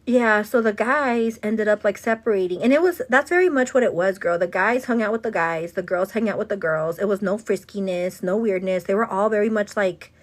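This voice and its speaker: Fairly quick and with hardly any pauses, a woman vlogger and host at medium pitch spins a long, rambling story while chatting casually in a get-ready-with-me video. She keeps saying "girl" to the listener and drops in a Spanish phrase now and then.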